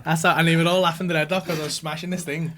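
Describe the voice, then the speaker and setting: A comedian podcast host with a high-ish voice races through a sweary story for a live studio audience, and the recording is very noisy. He's animated, playing out other people's lines himself.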